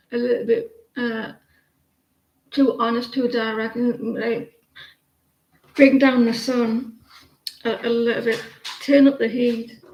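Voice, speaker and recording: A woman's voice: a little high, a little mellow, highs cut off, a little hiss or hum. Blunt, chatty woman reading cards. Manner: blunt, rambling, chatty with viewers. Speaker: tarot card reader. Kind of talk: casual live-stream card reading. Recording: roomy echo.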